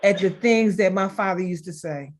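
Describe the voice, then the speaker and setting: A middle-aged woman shares personal stories over a video call. She speaks expressively and warmly in tone, with a mid-range voice, and she often breaks into laughter. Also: mid-range voice, moderate pace. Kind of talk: heartfelt conversational storytelling.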